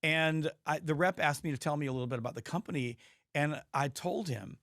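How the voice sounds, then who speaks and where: Male podcast host, hoarse, emphatic storyteller, higher-pitched, dry close sound. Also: a little fast, fairly bright tone, no room sound. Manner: emphatic storytelling with frequent restarts. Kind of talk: casual interview chat.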